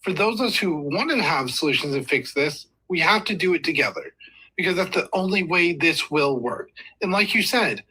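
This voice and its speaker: A man's voice: a little high, animated, moderate pace, pushed and bright, slightly rough, low-quality recording. A man calling in to a political show, speaking in an indignant, emphatic way. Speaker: caller.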